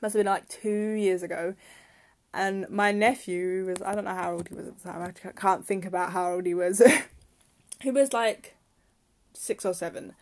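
A woman's voice: mid-range voice, fairly even intonation, moderate pace, a little mellow. A young woman hosting a casual solo podcast, rambling and chatty and turning heated when she rants. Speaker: podcast host.

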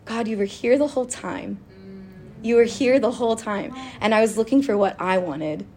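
A woman chatting casually about faith and telling a personal story, animated and quick to laugh, with lots of "like". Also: a little high, soft background music. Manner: animated and giggly, with frequent laughter and filler "like".

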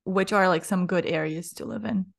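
A woman from Brazil hosting a podcast, asking questions in a lively, casual way and filling her talk with "like". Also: on the low side, moderate pace, gravelly. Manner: lively, uses "like" a lot. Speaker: podcast host. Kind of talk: casual interview chat.

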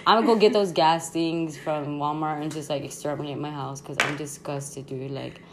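A young woman, hosting a podcast and telling a story in a rambling, slangy, excitable way full of fillers. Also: low voice, normal speed, background noise. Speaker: podcast host. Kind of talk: casual storytime chat.

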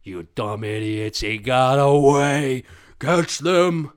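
A man's voice: medium pitch, fairly even intonation, slow pace, clean tone, pitched above the performer's own voice, natural voice. A man voicing a scheming male jaguar crime boss who scolds his henchmen in a menacing voice. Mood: yelling.

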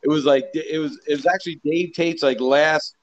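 A man in his forties, a strength coach, telling rowdy gym stories full of swearing and restarts. His voice sits a little high for a man as he rambles on and leans into each punchline. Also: moderate pace, muffled recording. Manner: profane, rambling, animated storyteller. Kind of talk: casual storytelling interview.

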